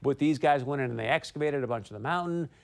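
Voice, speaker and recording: A male talk show host delivers opinionated political commentary into a studio mic. His voice sits at an ordinary middle pitch. He is emphatic and climbs higher whenever he presses a point. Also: quick pace, gravelly. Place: broadcast studio.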